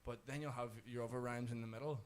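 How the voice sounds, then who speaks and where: A man's voice: mid-range voice, steady tone, fast, clear, resonant tone. A young man, chatting casually in a radio studio and explaining at length, with many restarts and fillers. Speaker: rapper guest.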